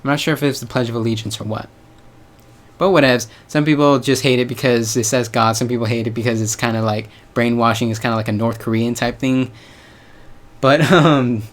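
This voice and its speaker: A young man speaks casually to his viewers in a rambling vlog monologue. He hedges often and drops in loose slang. His voice sits at a middling pitch. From United States. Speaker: vlogger.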